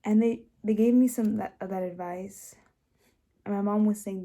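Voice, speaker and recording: A young woman sharing a personal testimony, speaking emotionally with many restarts and fillers, dropping soft and rising louder. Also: fairly even intonation, measured pace. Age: young adult. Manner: swings between soft low passages and louder rises. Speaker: host.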